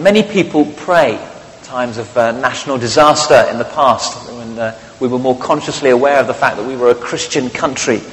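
A man's voice: medium pitch, a bit bright, big-room sound, slight background noise, poor audio. A man preaching a sermon, conversational and wry, with frequent fillers.

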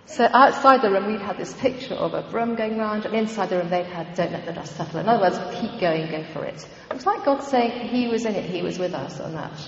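A woman's voice: mid-range voice, fairly quick, hardly any pauses, a bit bright. A woman giving an informal church teaching talk on prayer, conversational and meandering, with frequent ums and asides. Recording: dull, echoey hall recording.

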